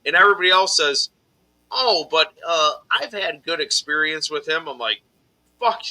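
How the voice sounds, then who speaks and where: Guy on a collector stream, super bright voice a bit high, ranting and cussing nonstop. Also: expressive, moderate pace, low-quality recording. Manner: heated, profane storytelling, voices his own outbursts loudly. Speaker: podcast host telling a story. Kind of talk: casual live stream chat.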